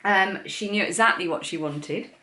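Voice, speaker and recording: English woman, 40s, craft podcast host: casual and gushing, slightly low voice, roomy echoey sound. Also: normal speed, bright, forceful tone, slight background noise. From England. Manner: chatty, gushing over handmade toys. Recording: echoey room.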